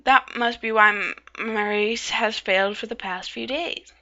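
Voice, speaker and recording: A woman's voice: on the high side, a little slow, pushed and bright. A woman voicing a relentlessly cheerful young girl who talks eagerly and refers to herself in the third person. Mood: encouraging. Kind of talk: amateur visual novel voice reading. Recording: dull lo-fi recording.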